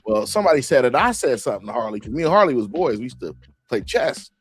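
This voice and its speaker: A middle-aged man hosting a podcast, telling stories in casual chat and acting out the quotes with shouts. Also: medium pitch, fast, slightly rough. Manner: animated, acts out quotes with shouts. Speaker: podcast host.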